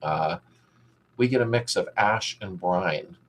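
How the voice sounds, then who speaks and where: Man, middle-aged, husky voice, rambling live chat host. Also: sits low, slow, fairly bright tone. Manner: rambling, reads chat comments aloud and greets viewers by name. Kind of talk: casual live chat with viewers.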